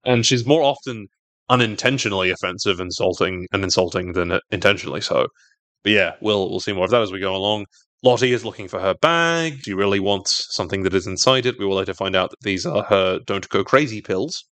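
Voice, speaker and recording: A man's voice: deep voice, brisk, fairly bright tone, dry recording. A man co-hosting a podcast, recapping a TV episode in wry, sardonic, talkative chat. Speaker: podcast co-host.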